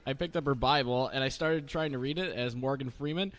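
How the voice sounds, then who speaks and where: A man's voice: medium pitch, fairly quick, fairly bright tone. A man, a band member guest, rambling and laughing through stories on a radio show. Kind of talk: casual chat.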